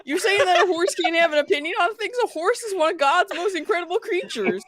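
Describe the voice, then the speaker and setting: Excitable stammering woman player. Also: very high voice, a little fast, no echo, studio quality. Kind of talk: casual tabletop game chat.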